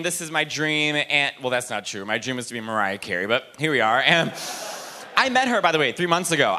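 A man performing stand-up on a club stage, talking in a high, bright voice that leaps all over the place. His delivery is campy and animated, with a faint hiss underneath. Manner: animated and campy, with quick jokes. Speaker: stand-up comedian. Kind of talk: stand-up set.

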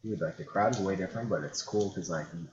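A man's voice: sits low, quick pace, a crowd in the background. Laid-back young man in an echoey room. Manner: laid-back, swearing, frequent "you know what I mean". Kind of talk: casual chat. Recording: echoey room, dull lo-fi sound.

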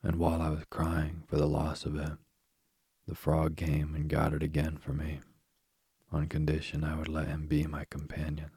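A man voicing a frightened, reluctant young princess in a soft, even storybook reading. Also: very deep voice, moderate pace, breathy edge, no echo, studio quality, exaggerated voice. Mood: uneasy.

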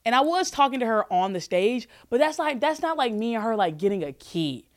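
A young woman hosting a podcast, swinging between bits and advice with loud, profane, joking energy. Her voice sits a touch high and comes through smooth and clear. The sound is close and dry. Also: a little fast, no room sound. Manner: animated, profane, joking rants. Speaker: podcast host. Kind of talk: casual podcast chat answering calls.

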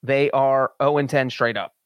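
A man co-hosting a sports betting podcast, citing statistics in a steady, matter-of-fact way. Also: mid-range voice, normal speed, dry recording, muffled recording. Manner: cites stats in an even, steady way. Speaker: podcast co-host. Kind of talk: casual sports betting chat.

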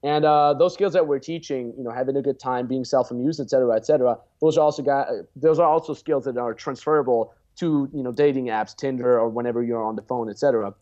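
A man's voice: medium pitch, quick pace, few pauses, dark tone, muffled recording. A man in his twenties, a guest dating coach, chatting casually in a blunt, profane way and acting out example lines. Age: 20s. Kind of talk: casual podcast chat.

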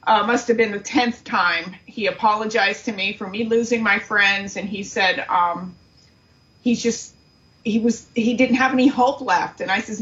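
A middle-aged woman, a guest on a talk show, telling a painful story in an earnest, halting way. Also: medium pitch, a bit bright, highs cut off. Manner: earnest, grief-stricken, halting. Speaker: guest, aunt of the subject. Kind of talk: emotional interview storytelling.

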